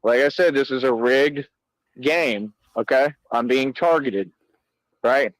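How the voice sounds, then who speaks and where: A man ranting slowly and boastfully, repeating himself and speaking in casual slang. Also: medium pitch, dry recording, poor audio. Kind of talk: boastful rant.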